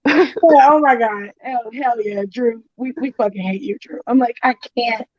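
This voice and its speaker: A woman hosting a podcast in casual chat, telling an animated story, acting out what others said and swearing freely. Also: fairly high pitch, moderate pace, dry recording, muffled recording. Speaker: podcast host.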